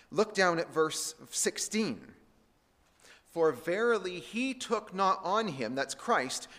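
A man teaching a Bible sermon, slowing and raising his voice when he reads scripture aloud. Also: mid-range voice, a bit bright. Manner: slows and lifts his voice to read scripture aloud. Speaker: preacher. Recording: long hall reverb.

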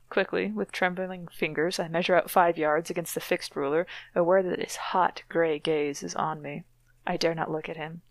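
A woman reads a novel aloud with dramatic flair, then drops into sardonic commentary. Her voice sits on the low side, and the recording is dry and close. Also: no room sound. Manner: wry, mocking asides. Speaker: podcast co-host reading a novel aloud.

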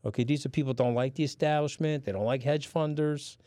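This fast-talking podcast guest, a middle-aged New Yorker, has a fairly high, warm voice and a steady tone, captured as a dry, studio-quality recording. Swearing freely, he tells his stories bluntly in casual chat.

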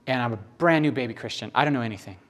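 A middle-aged man preaching a sermon in a conversational, emotional storytelling manner. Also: racing. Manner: conversational, emotional storytelling with sudden rises in pitch.

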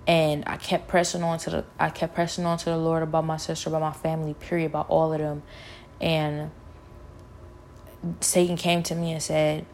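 A woman's voice: deep voice, monotone, moderate pace, darkish tone, slight background noise. A woman telling a personal spiritual testimony in an earnest, emotional way, often repeating her words.

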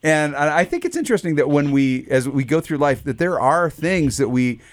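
A man's voice: a little high, big pitch swings, brisk, no echo. A man co-hosting a pastors' discussion show, talking loosely and often restarting his sentences as he puts questions to the others. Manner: rambling, restarts often, leads questions to co-hosts. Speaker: pastor co-host.

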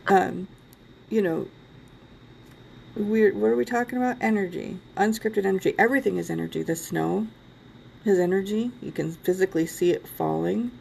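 A woman's voice: medium pitch, moderate pace, creaky, darkish tone, a little hiss or hum. A woman from Ohio hosting a podcast, chatting casually and rambling a little, laughing often. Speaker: podcast host.

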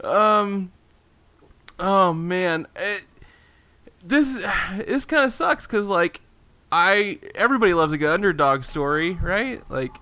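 A man's voice: high-pitched, lively intonation, slow, pushed and bright, clean tone. A man co-hosting a comedy podcast, rambling and joking through his points. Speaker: podcast co-host. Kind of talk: casual comedic chat.

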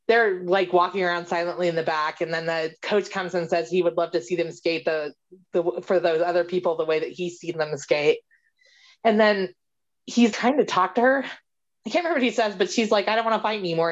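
A woman co-hosting a podcast, recapping a movie in casual chat, animated and laughing as she quotes the characters. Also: fairly low pitch, lo-fi sound. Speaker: podcast co-host.

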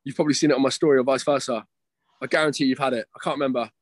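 A man's voice: medium pitch, steady tone, rapid-fire, no echo. A young man chatting casually as a guest, rambling, swearing and calling everyone mate and bro. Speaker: guest, competing bodybuilder. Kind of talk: casual chat.

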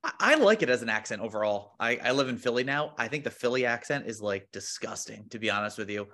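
Young dude from rhode island, blunt casual talk. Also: male voice, medium pitch, animated, quick pace, sharp tone. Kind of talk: casual chat.

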